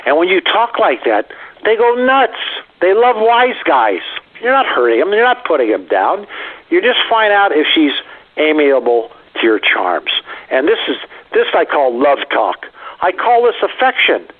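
A man's voice: on the high side, big pitch swings, measured pace. Wisecracking man on a tinny phone line. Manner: blunt, wisecracking, acts out dialogue. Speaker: dating advice expert. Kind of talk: radio advice talk.

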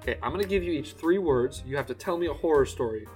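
Slightly high male podcast host, loose and jokey, faint music bed. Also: expressive, fast, darkish tone. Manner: swearing, joking, steering the show. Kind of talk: casual comedy podcast chat.

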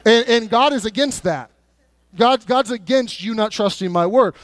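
A male pastor preaching a sermon in a church in a conversational, animated way, often repeating words as he goes. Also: very high-pitched, normal speed, no room sound. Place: church sanctuary.

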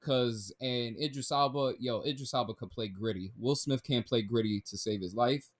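A man co-hosting a casual podcast, talking in an animated, profane way that swings between loud bursts and mumbled asides. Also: mid-range voice, moderate pace. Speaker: podcast co-host.

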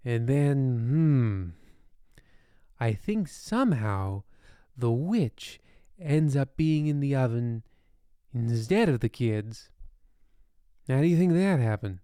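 Deadpan guy telling a spooky bedtime story, slow and mellow, dry close sound. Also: mid-range voice, smooth, no echo. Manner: deadpan, rambling, ominously sardonic. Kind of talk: comic bedtime story narration.

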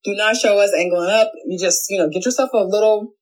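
A young adult woman talks straight into her phone camera from a home office, giving casual tips in a chatty, animated way. She jumps between quick asides and little playful voices, keeping it loose and friendly. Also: medium pitch, low-quality recording. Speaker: social media video coach.

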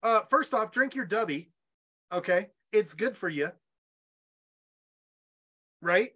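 A man co-hosts a casual podcast in a playful, jokey way. He speaks slowly with a bright, sharp tone and a lot of rise and fall in his pitch. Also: expressive. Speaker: podcast co-host.

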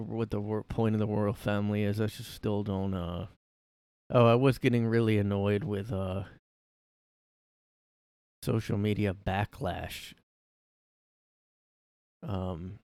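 A man's voice: lowish voice, a little mellow, clean tone, no room sound. A man hosting a casual solo podcast from his room, rambling and irreverent, often repeating himself. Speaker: podcast host.

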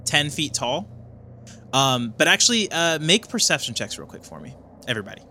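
Bright-voiced male game master. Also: fairly high pitch, very animated, a little hiss or hum. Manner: descriptive, quick narration with fillers. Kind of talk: narrating a tabletop game.

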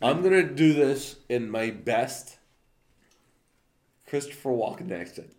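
A man's voice: mid-range voice, lively intonation, takes it slowly, darkish tone. A man hosting a casual, crude, joking podcast. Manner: crude, joking, often laughing. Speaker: podcast host. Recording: echoey room, faint noise.

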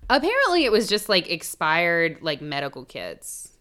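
A woman's voice: on the low side, huge pitch swings, normal speed, sharp tone. A woman co-hosting a podcast, recounting a true-crime case in casual chat, swearing freely and adding jokey asides. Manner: chatty, swearing, storytelling with asides. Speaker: podcast co-host.

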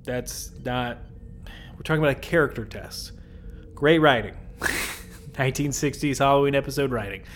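A man's voice: mid-range voice, moderate pace, pauses often, a bit bright, a little hiss or hum. A man hosting a podcast, recapping an episode in a casual, joking way with rambling asides. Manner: jokey, rambling asides with chuckles. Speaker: podcast host.

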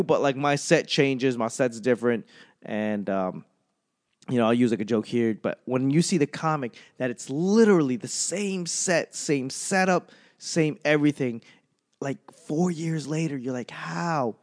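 A man working as a stand-up comedian, talking in a casual, rambling monologue. He swears often, mocks himself, and trails off and restarts his sentences. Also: on the high side. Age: adult. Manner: profane, self-deprecating, trails off and restarts.

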